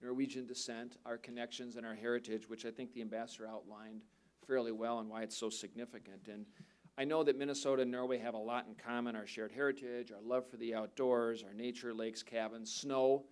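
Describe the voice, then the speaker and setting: A man's voice: medium pitch, fairly even intonation, a little fast, darkish tone. A man, a politician, giving earnest, conversational panel remarks at a seminar with touches of light humor. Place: seminar venue.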